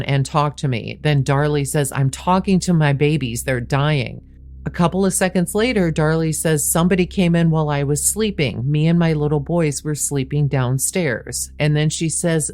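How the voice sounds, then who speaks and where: A woman hosting a true crime podcast, walking through a case step by step and reading quoted lines slowly. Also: low-pitched, darkish tone. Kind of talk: narrated case walkthrough.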